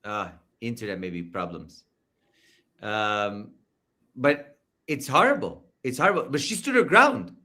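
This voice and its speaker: A man giving casual political commentary over a video call, animated and full of fillers. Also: on the low side, measured pace. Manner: animated, filler-heavy, loud mimicking outbursts.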